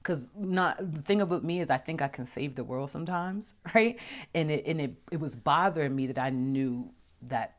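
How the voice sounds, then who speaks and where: A woman hosting a casual, heartfelt vlog. She talks emphatically, restarts and repeats words, and often drops into a hushed whisper. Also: low-pitched, normal speed. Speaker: vlog host.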